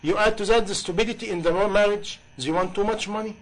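Impassioned preacher with a high voice. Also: male voice, fairly even intonation, fast talker, fairly bright tone, poor audio. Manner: impassioned, rhetorical questions, non-native grammar. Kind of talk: sermon.

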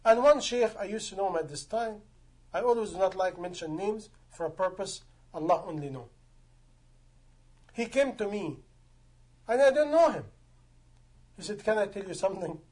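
High-voiced male preacher, emphatic. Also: expressive, normal speed, pauses often, a little mellow, slightly rough. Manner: emphatic, rhetorical questions, non-native grammar. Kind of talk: sermon.

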